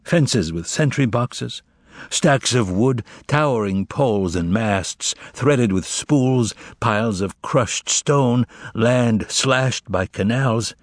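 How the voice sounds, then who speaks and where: A man reading a novel aloud as narrator in a measured, expressive way. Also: medium pitch, no room sound, studio quality. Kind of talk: audiobook narration.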